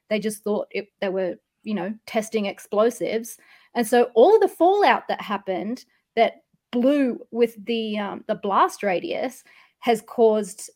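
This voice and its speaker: A woman's voice: on the high side, darkish tone. A woman co-hosting a podcast in casual chat, earnest and blunt, swearing freely. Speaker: podcast co-host.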